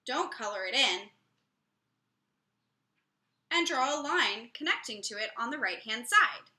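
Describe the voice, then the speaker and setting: A woman music teacher talks young children through a lesson, slow and clear. Her voice is high and very bright, with a lively, swooping pitch. The room around her is echoey.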